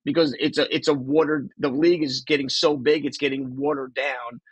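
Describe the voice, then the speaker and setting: A man's voice: medium pitch, fairly even intonation, a little fast, breathy edge, no echo, poor audio. A middle-aged man from New Jersey with a New Jersey accent, co-hosting a casual sports chat and rambling with repeated words. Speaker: podcast co-host.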